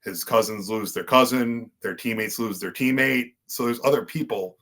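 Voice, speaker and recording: A man's voice: medium pitch, normal speed, fairly bright tone. A man, a podcast guest and wrestler, telling his story in earnest conversational style with many fillers and restarts.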